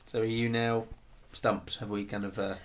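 A man's voice: lowish voice, little pitch movement, normal speed. A man co-hosting a casual chat show, reading out listener comments in a teasing, wry way and laughing often. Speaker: podcast co-host.

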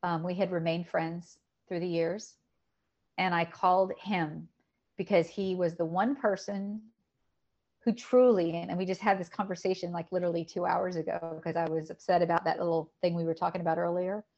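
A middle-aged woman telling a painful personal story in a podcast conversation, emotional and halting, often repeating words. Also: lowish voice, steady tone, a little mellow, lo-fi sound. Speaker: podcast guest.

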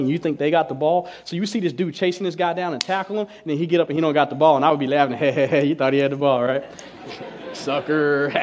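A young adult man preaching a casual sermon, animated and joking, using slang and acting out conversations. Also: fairly high pitch, a little hiss or hum. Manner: animated, joking storyteller with slang, acts out dialogues. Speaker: pastor.

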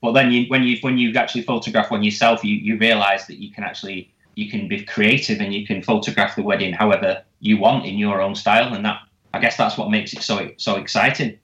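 Man, lowish voice, relaxed, casual chat, roomy echo, dull lo-fi sound. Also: fairly quick.

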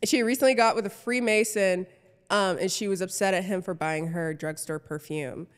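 A woman's voice: medium pitch, fairly even intonation, normal speed, smooth, big-room sound. A young adult woman hosting a podcast, telling a school anecdote in a casual, rambling way with lots of "um". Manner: rambling, filler-heavy anecdotes with frequent "um". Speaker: podcast host. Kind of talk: casual storytelling chat.

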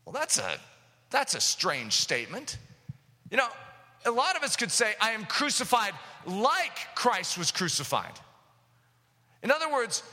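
Bright, high-voiced impassioned male preacher. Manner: impassioned, preaching with sudden loud outbursts. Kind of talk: sermon. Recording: echoey hall.

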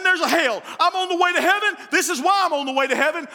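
A pastor preaches with a very high, bright, forceful voice. He tells stories animatedly, doubles back on his phrases and shouts out key lines. His voice rings through a church sanctuary with a long reverb tail. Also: fast talker, hardly any pauses. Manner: animated storytelling, repeats phrases, shouts for emphasis. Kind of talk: sermon.

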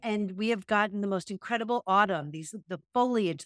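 A woman's voice: medium pitch, brisk, dry recording. A woman co-hosting a podcast, chatting casually and telling stories expressively. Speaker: podcast co-host, yoga and meditation teacher.

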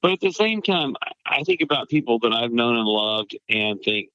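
A man's voice: mid-range voice, expressive, moderate pace, bright, forceful tone, clean tone, no echo. A man who is a pastor, talking casually and reflectively, thinking aloud about his message. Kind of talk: casual conversation. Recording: dull muffled sound.

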